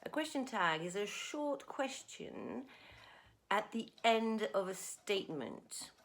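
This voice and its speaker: A woman's voice: mid-range voice, slow pace. A woman teaching an online English lesson, taking her time and stretching her words. Her voice rises and falls a great deal as she demonstrates intonation, checking in with her students again and again. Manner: expressive, plays with intonation, checks in with "okay?".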